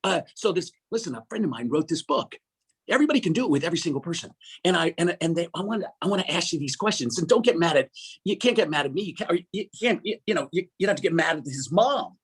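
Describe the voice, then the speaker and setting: A middle-aged man, an interview guest, tells a story in an animated, earnest way, acting out dialogue and often repeating "I said.". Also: fairly high pitch, fast talker, breathy edge. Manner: earnest, preacher-like. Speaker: guest speaker.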